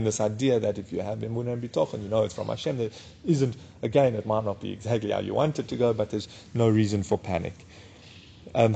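A man giving a daf yomi Talmud class, reading the Aramaic text and explaining it in English in a casual, unhurried way. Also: mid-range voice, gravelly, warm tone, a little hiss or hum. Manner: casual and unhurried, with many fillers. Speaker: Talmud teacher.

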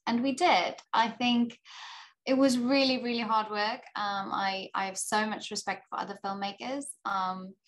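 A woman's voice: medium pitch, fairly even intonation, unhurried, fairly bright tone. A young adult woman with a South African accent, chatting casually as an interview guest and filling her talk with "you know". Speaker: actor and filmmaker guest.

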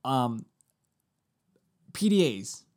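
He drags out his words in a mid-range voice. The man, in his thirties and co-hosting a podcast, gets heated in casual talk, peppering his lively rants with profanity.

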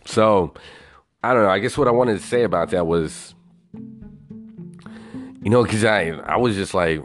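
A man's voice: lowish voice, normal speed, long pauses, soft background music. A man ranting in a casual, profane way, incredulous and swearing constantly.

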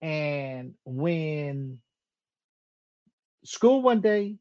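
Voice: mid-range voice, extremely slow, lo-fi sound. A podcast co-host telling a childhood story in casual chat, acting out the quoted dialogue and laughing at themself. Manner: animated retelling, acts out quoted dialogue, laughs at self.

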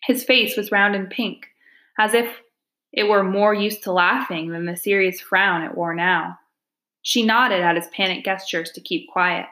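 Woman narrating a folk-tale audiobook. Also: mid-range voice. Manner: calm, measured reading with hushed suspense. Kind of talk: storybook narration.

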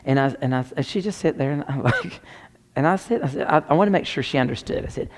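A man preaches a sermon, telling a personal story and dramatically dropping at times to near whispers. His voice is mid-range and quick, and the recording has a long hall reverb.

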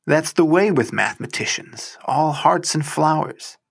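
A man's voice: fairly high pitch, animated, a little slow, gravelly, breathy edge, full character voice. A man voicing a cool, sarcastic young woman mathematician in a read-aloud story, with a dry, detached delivery.

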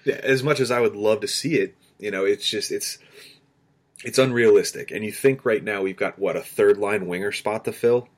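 Low-voiced man telling a lively story. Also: normal speed. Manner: animated storyteller, acts out quotes. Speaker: podcast co-host. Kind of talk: casual sports chat.

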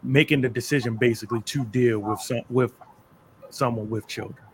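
Man hosting a relaxed live show. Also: medium pitch, normal speed, slight background noise. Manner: loose, rambling, with fillers and shout-outs. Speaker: podcast host. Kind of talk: casual live show talk.

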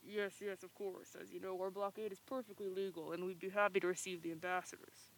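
A woman voicing a timid alien male trade viceroy who speaks quietly and nervously. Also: medium pitch, level tone, a little fast, close to an everyday voice, poor audio.

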